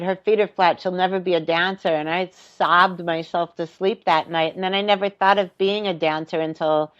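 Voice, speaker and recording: A woman in her fifties is a podcast guest who tells her stories with animation. She acts out the voices she quotes, swears freely and laughs often. Her voice sits a little low, and the sound is slightly dull. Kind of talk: casual chat.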